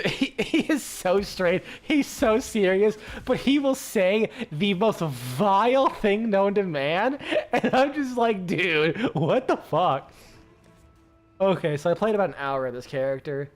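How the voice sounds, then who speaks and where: A man's voice: high voice, big pitch swings, measured pace, soft background music. A man chatting casually with his stream viewers, rambling, full of fillers and swearing freely.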